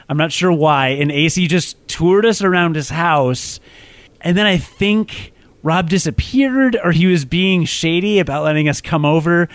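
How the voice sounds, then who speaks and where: A man's voice: a little high, dry recording. A man hosting a casual podcast, rambling and self-deprecating, with lots of fillers. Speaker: podcast host.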